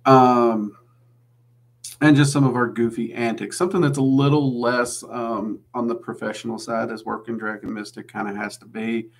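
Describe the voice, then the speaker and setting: A man's voice: mid-range voice, steady tone, moderate pace. A man with a Southern twang, hosting a casual livestream Q&A and chatting loosely with lots of "um"s. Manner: chatty and rambling, with many "um"s. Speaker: livestream host answering viewer questions.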